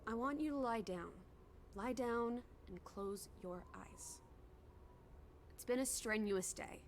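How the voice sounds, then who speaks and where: A woman's voice: a little high, expressive, slight background noise, lightly acted. An actress playing a bossy, teasing young woman companion in a video game. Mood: caring commanding. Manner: brisk and commanding.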